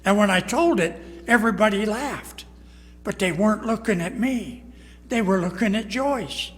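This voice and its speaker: A man's voice: sits high, normal speed, fairly bright tone, big-room sound. An older man, a pastor, preaching a folksy sermon, telling stories in plain speech and acting out the dialogue. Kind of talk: storytelling sermon. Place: church sanctuary.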